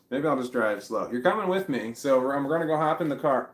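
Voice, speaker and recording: A middle-aged man vlogging in casual chat, rambling and halting, with blunt swearing. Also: mid-range voice, very animated, reverberant.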